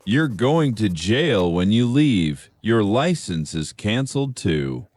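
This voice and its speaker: A man voicing a stern police officer in a learner's storybook. His voice is deep and blunt, taken slowly, recorded close and dry. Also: big pitch swings, darkish tone, no echo, heavily acted. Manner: blunt, matter-of-fact. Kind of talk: slow scripted story for learners.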